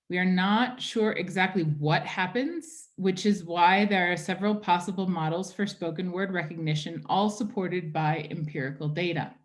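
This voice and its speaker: A woman teaching an online class, explaining step by step with patience and checking in often with her students. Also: fairly low pitch. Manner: keeps checking in with "right?" and "okay?".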